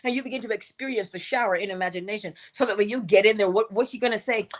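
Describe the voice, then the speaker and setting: A woman hosting an inspirational morning livestream, talking in an animated, emphatic way and laughing often. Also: mid-range voice, fast. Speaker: host.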